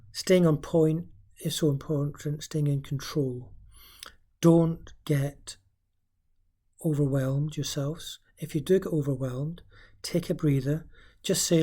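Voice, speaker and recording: A man's voice: a little high, mellow, husky. A man giving informal parenting advice in an earnest, coaching way, with many "um" fillers and small restarts. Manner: hesitant, frequent "um" fillers.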